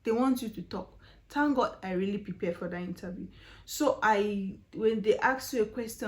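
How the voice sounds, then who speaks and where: A woman's voice: medium pitch, moderate pace. A young woman with a Nigerian accent, chatting animatedly in a casual storytelling vlog, full of fillers and rhetorical questions. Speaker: vlogger.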